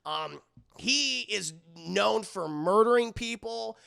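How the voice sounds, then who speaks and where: A man's voice: high-pitched, lively intonation, slow pace, gravelly, pushed and bright, clean tone. A man recapping an anime episode for his live chat in a loose, swearing style, slipping into put-on voices for the characters. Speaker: streamer reviewing an anime episode.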